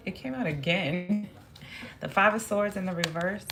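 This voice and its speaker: Loud music plays behind a woman with a mid-range voice as she reads tarot at an unhurried pace. Thinking out loud, she repeats herself while pulling cards and occasionally becomes emotional.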